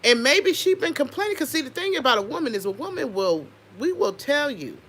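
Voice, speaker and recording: A woman's voice: high-pitched, brisk. A woman hosting an unscripted livestream, chatting casually and talking straight to her viewers. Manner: animated, chatty, addresses viewers directly. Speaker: livestream host.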